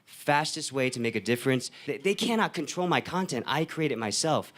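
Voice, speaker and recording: A man speaks as a guest on a panel, recounting his experiences with earnest emphasis. His voice sits at a middling pitch for a man, and his delivery is steady and heartfelt. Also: fairly quick. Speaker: filmmaker on a panel. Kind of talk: panel talk.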